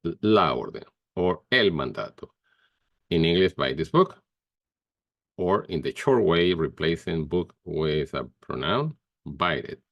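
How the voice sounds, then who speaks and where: Slow, deep-voiced male teacher. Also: sing-song, gravelly, no echo, dull audio. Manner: slow, careful explaining with pauses and fillers. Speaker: Spanish teacher. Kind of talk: grammar lesson.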